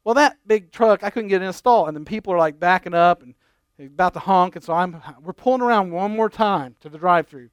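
High-voiced man telling a family story. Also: fairly quick, clear, resonant tone, no echo, highs cut off. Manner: animated, exasperated storytelling with quoted dialogue. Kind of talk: sermon illustration storytelling.

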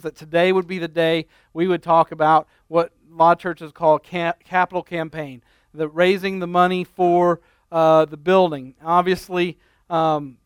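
Higher-voiced folksy man preaching. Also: smooth, no room sound. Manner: folksy joke-telling storyteller; unhurried, with frequent ums and restarts. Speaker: pastor. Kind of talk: sermon with humorous stories.

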